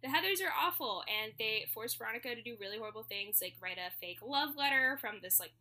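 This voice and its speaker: A woman's voice: fairly high pitch, animated, quick pace, bright, forceful tone. A woman co-hosting a podcast, chatting casually and laughing often as she recaps a musical. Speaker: podcast co-host. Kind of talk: casual chat summarizing a musical.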